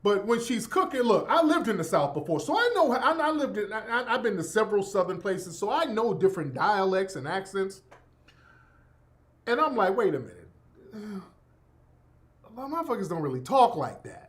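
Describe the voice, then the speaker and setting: A man's voice: sits high, sing-song, normal speed. A man hosting a talk radio show, riffing in a casual, profane monologue and repeating himself insistently.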